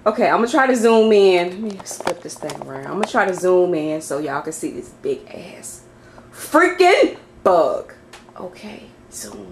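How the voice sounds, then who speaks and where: A woman's voice: fairly low pitch, a little hiss or hum. A woman vlogging to camera from her home office, swearing, laughing nervously and shrieking in fear. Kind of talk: casual vlog to camera.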